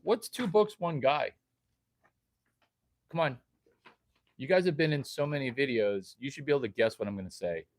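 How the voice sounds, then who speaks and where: Fast-talking and expressive, a mid-range male vlogger addresses his viewers directly. He rambles in an erratic way, tossing them quiz questions and darting from topic to topic.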